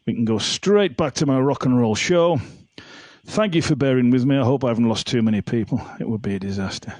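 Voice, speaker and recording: A man's voice: mid-range voice, expressive, brisk, darkish tone, no room sound. Chatty man hosting a home live stream. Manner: chatty, reads out viewer comments. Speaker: livestream singer and host. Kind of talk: casual live-stream chat and singing. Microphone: home setup with laptop and phone. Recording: faint backing music.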